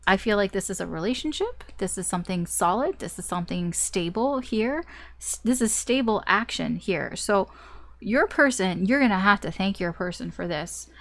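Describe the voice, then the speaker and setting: A woman doing a casual tarot reading, chatty and animated, who laughs often and swears casually. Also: mid-range voice, moderate pace. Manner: animated storytelling. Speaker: tarot reader.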